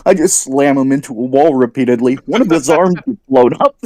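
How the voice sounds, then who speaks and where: A man telling animated gaming anecdotes in casual chat, swearing often. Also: mid-range voice, fairly quick, no room sound.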